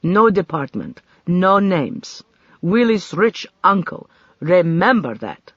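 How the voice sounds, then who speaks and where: An audiobook narrator voicing a burly, blunt male carnival manager in short, clipped lines, with a dry, husky tone on a dull recording. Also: medium pitch, very animated, slow, no room sound, exaggerated voice.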